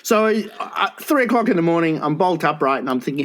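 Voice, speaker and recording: A male podcast host spins a crude, rambling yarn with frequent swearing and tripping restarts. His voice sits somewhat high for a man, and the talk is loose and casual. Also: expressive, brisk, a bit bright. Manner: rambling, profane, stumbling restarts.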